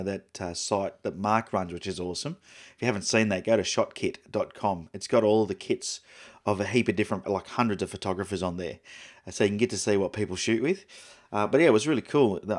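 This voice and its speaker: A middle-aged Australian man hosting a photography livestream, rambling and chatty with lots of fillers and restarts. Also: lowish voice. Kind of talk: casual live-stream chat.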